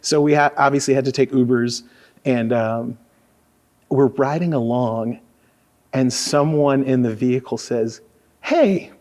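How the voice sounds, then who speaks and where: Relaxed storytelling radio DJ, man. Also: medium pitch, measured pace. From Louisiana. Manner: relaxed storyteller, lots of fillers. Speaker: radio DJ, guest. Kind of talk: casual conversational interview.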